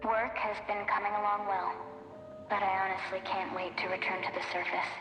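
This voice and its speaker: A woman voicing a calm, resolute young woman leading a mission in a video game, speaking in a measured, earnest way. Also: medium pitch, close to an everyday voice. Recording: echoey game audio under loud music.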